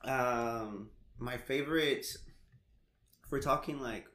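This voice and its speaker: A young man in casual chat, an animated storyteller who laughs often and swears casually. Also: medium pitch, takes it slowly. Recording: echoey room.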